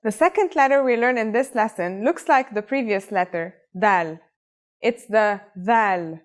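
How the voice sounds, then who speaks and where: A woman's voice: on the high side, expressive, moderate pace. A woman narrating a scripted language lesson in an upbeat, encouraging way. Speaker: language teacher.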